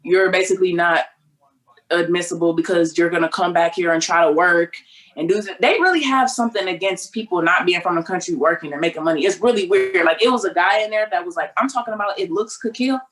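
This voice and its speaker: Young detroit woman, lively storyteller on a chat show, does the voices, swears a lot. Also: on the low side, fast. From Detroit, United States. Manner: animated, acts out quoted voices, swears freely. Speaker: podcast guest.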